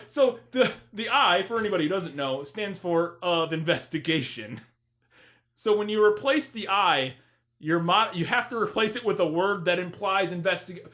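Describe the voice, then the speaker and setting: A young man co-hosting a podcast, reviewing a movie in casual comedic chat, laughing often and sounding animated and exasperated. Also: sits high. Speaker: podcast co-host.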